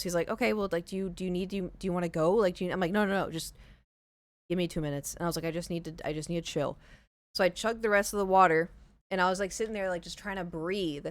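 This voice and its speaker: A young woman streamer telling a story to her live chat in a rambling, chatty way, full of "like" and quick laughs. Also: fairly low pitch, no room sound. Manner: chatty, rambling, heavy use of "like", laughs easily.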